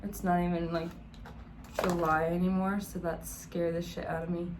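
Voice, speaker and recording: A woman's voice: lowish voice, level tone, moderate pace, background noise. A young adult woman vlogging in a casual, gushing way, with many "like" fillers. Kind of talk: casual vlog chat.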